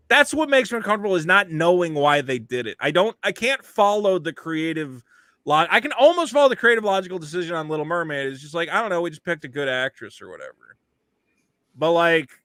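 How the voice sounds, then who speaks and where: Lively, bright-voiced cynical man rambling. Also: fairly high pitch, dry recording, studio quality. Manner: cynical, rambling, quoting people in put-on voices. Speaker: podcast host. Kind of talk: casual comedic chat.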